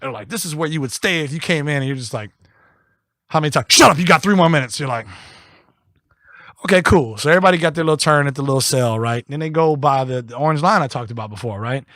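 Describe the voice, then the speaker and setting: A man's voice: mid-range voice, fast, dry recording. A young adult man co-hosting a casual podcast, telling a story and acting out the people in it. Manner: animated, acts out quoted voices. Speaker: podcast co-host.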